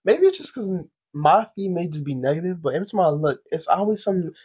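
A man's voice: high voice, very animated, quick pace, a little mellow, slightly rough. A young man co-hosting a casual podcast chat, dramatic, sassy and blunt. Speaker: podcast co-host.

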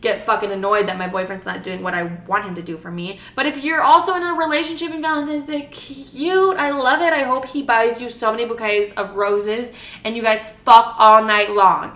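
A woman's voice: a little high, bright, forceful tone, reverberant. Chatty, profane young woman podcaster. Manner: chatty, blunt and profane, rambling asides. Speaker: podcast host. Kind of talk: casual solo podcast chat.

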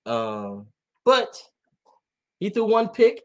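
A man chatting casually on a podcast, telling animated stories and laughing often. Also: lowish voice, normal speed. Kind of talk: casual chat.

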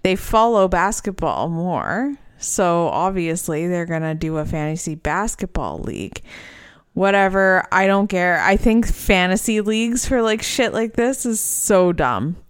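Woman on a podcast, slow and blunt, smooth clear voice, dry mic. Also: on the low side, lively intonation, no room sound. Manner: blunt, dismissive, swears casually. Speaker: podcast co-host recapping episodes. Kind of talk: casual podcast banter.

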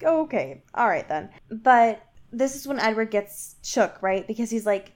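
Brief: woman podcast host, lively up-and-down voice, giggly and animated storyteller. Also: fairly high pitch, a little slow. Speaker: podcast co-host recapping a book. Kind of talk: casual chat.

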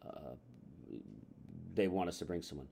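Brief: reluctant male customer, halting and low-key, played by a man. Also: husky. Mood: uneasy. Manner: hesitant, halting, quiet. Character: uneasy male customer dodging questions.

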